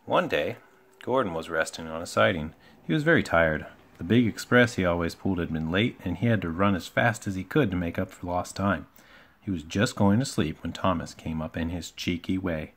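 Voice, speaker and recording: A man reading a children's picture book aloud in a relaxed, homely way, with small slips and asides. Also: sits low, normal speed. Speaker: storybook reader.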